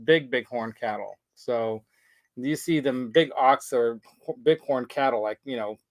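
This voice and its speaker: A man hosting a casual show, telling a story in a rambling, animated way with laughs. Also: medium pitch, unhurried, dry recording, poor audio. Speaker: show host. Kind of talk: casual chat.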